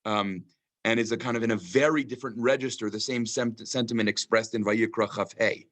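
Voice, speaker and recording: A man's voice: lowish voice, fairly even intonation, a little fast, a bit bright. A man leading a text study class. He reads Hebrew verses aloud, translates them and reflects on them thoughtfully, with many ums. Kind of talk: online text study lecture.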